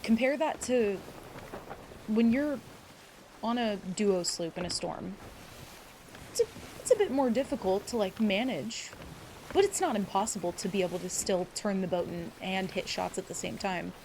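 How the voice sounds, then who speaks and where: A woman's voice: mid-range voice, expressive, moderate pace, long pauses, a little mellow, slight background noise. A woman streamer chatting casually with her viewers, rambling and swearing freely, teary at moments. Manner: rambling, emotional, swears freely, greets chat by name. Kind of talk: casual live-stream chat.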